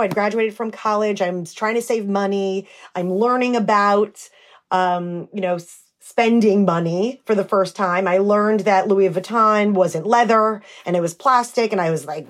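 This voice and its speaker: Animated woman founder, lowish voice. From United States. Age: 30s. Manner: animated, acts out quoted dialogue with fillers. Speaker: brand founder. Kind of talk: interview storytelling.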